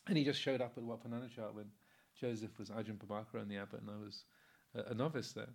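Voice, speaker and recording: A man in his sixties, a Buddhist monk, giving an informal Dharma talk in a relaxed, anecdotal way, with many fillers and frequent chuckles. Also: on the low side, fast, vocal fry.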